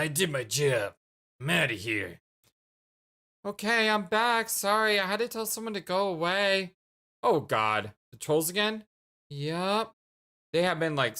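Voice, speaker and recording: A let's play host giving casual commentary and reading game text aloud, full of quick reactions and exclamations. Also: medium pitch, pushed and bright.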